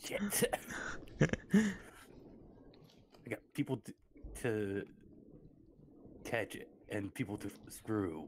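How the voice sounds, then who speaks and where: Slow, animated man joking at the table. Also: on the low side, a little hiss or hum. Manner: joking, laughing. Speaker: player. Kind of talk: casual game chat.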